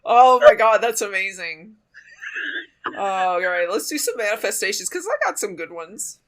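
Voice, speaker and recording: A woman co-hosting a casual podcast, playful and enthusiastic as she chats. Her voice is bright and crisp, and she swears now and then. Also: mid-range voice, expressive, moderate pace. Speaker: podcast co-host. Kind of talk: casual chat.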